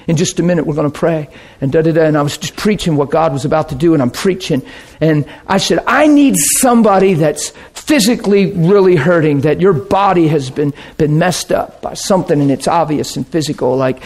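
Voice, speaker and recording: Male preacher, slightly high voice, lively storytelling sermon with laughter and sound effects. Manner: animated, laughs often, breaks into sound effects.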